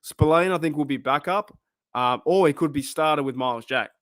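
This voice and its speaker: A man's voice: a little high, a little fast, a bit bright, no echo, clean studio sound. A man with an Australian accent hosting his own fan channel, chatting casually and rambling as he asks viewers questions. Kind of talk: casual chat to camera.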